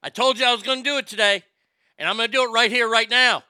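High, bright-voiced ranting stream host. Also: male voice, steady tone, quick pace, smooth, no room sound, studio quality. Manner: ranting, profane, reads viewer comments aloud. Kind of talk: casual live stream chat.

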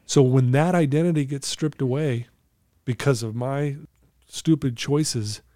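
A middle-aged man recounts his life story with open, earnest candor, sometimes choked with emotion. His tone is mellow and warm, recorded close in a dry, dead space. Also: medium pitch, unhurried, no room sound. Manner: earnest, candid, storytelling with quoted inner thoughts. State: emotional, clearing his throat. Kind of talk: emotional personal testimony.

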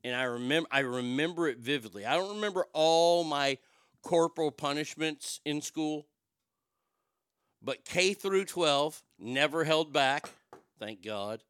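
Middle-aged guy telling a swear-heavy story, slightly high voice, dry close sound. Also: a little slow, fairly bright tone, clear, resonant tone, no room sound. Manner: profane, wisecracking, mimics voices. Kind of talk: casual storytelling monologue.

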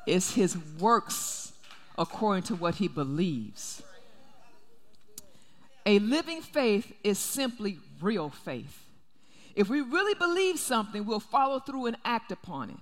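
A woman's voice: medium pitch, big pitch swings, unhurried, big-room sound. A woman pastor preaching a sermon, emphatic and repeating her key phrases. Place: church sanctuary.

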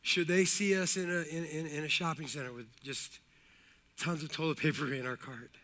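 A middle-aged man preaches to his congregation in a high, bright voice. He talks with lively energy, repeats phrases and drops in jokey asides and calls of amen. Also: normal speed. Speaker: pastor. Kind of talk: sermon.

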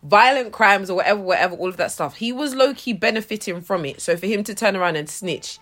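A woman's voice: medium pitch, fast talker. Woman telling stories with slang. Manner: animated storyteller, full of slang. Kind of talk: casual banter.

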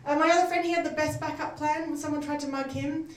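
High-voiced woman doing stand-up. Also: fairly even intonation, fast, slight background noise. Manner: chatty, self-mocking, laughing at her own jokes. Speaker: stand-up comedian. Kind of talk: stand-up comedy set. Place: comedy club stage. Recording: roomy, distant live venue mic with faint ambience.

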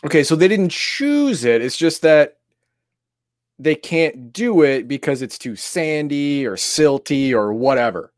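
A man co-hosting a casual talk show with relaxed, joking replies. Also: fairly high pitch, measured pace, dry recording, clean studio sound. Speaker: podcast co-host. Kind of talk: casual chat.

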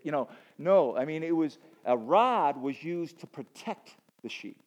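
Man, sermon, higher pitch, animated, joking, repeats words. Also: normal speed, few pauses, low-quality recording. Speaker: pastor.

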